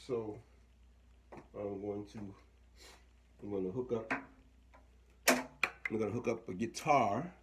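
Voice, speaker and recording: There's slight background noise as a man with a lowish voice walks through a piece of equipment in a hands-on demo. His delivery is casual, full of thinking aloud and sentences left unfinished.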